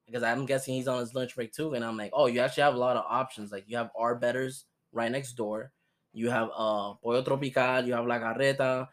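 Animated young man telling stories. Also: mid-range voice, brisk. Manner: animated, imitates people he quotes. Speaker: podcast host. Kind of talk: casual chat, storytelling.

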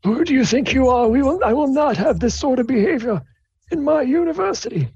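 A man putting on a high, stern university dean. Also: animated, fairly quick, darkish tone, husky, no echo, highs cut off, heavily acted. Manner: indignant, commanding.

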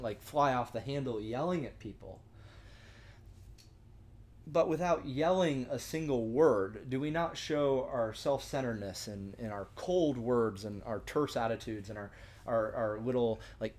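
A man's voice: mid-range voice, darkish tone. Earnest young man teaching scripture. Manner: earnest, conversational, many restarts and "right?" asides. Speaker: discussion leader. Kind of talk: sermon-style teaching.

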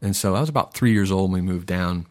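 A man's voice: deep voice, fast talker. A man in his thirties hosting a casual podcast monologue, rambling and digressing with lots of fillers. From Florida, USA. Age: 30s. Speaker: podcast host.

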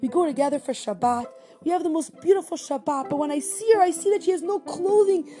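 A woman teacher telling a personal story in an animated, excitable way, often saying "like," with music playing underneath. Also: high voice, fast talker. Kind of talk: storytelling monologue.

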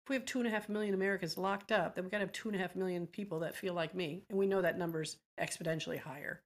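A middle-aged woman speaks as an interview guest. Her voice sits on the low side and she talks with earnest passion. She tells heavy personal stories, and her feeling comes through in the telling. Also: steady tone, racing. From Georgia, US. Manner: earnest, impassioned storytelling. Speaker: advocacy group founder, guest. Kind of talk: emotional interview talk.

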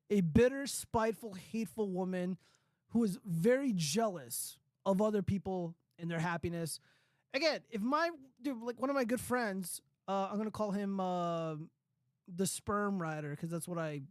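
A man's voice: high-pitched, dry recording, studio quality. Rambling, profane male streamer. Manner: loose, profane, rambling with many fillers. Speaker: streamer host reading news and chat comments. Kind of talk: casual commentary stream.

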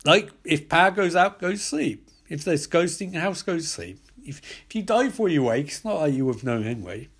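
A man's voice: fairly high pitch, animated, brisk, few pauses, husky. A young man recapping a horror film, full of sarcastic, profane asides. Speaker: film reviewer.

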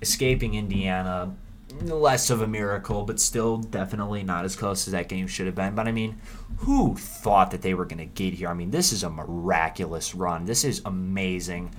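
A man hosting a casual sports preview, rambling and animated with frequent restarts. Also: sits low, normal speed, slight background noise. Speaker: sports podcast host.

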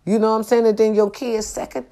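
A woman's voice: a little high, flat delivery, fast, mellow. A middle-aged woman vlogging a casual, profane venting monologue, addressing her viewers emphatically.

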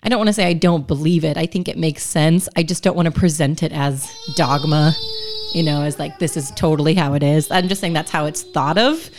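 A woman co-hosting a faith podcast, explaining ideas in a measured way. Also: sits low, a little mellow, soft background music. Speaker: podcast co-host. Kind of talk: casual chat.

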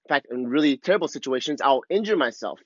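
A man's voice: mid-range voice, animated, quick pace, fairly bright tone, no echo, highs cut off. A man talking as a surf coach in a casual, rambling monologue, candid and full of swearing, recorded on a clip-on mic. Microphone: clip-on wireless mic.

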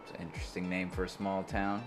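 A man's voice: low-pitched, flat delivery, fast, soft background music. A man co-hosting a podcast in casual chat, often laughing and reading movie blurbs aloud. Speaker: podcast co-host.

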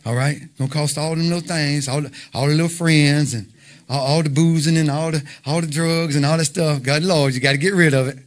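A man's voice: fairly high pitch, steady tone, fairly quick. A man preaching an informal sermon, conversational and emphatic, full of rhetorical questions.

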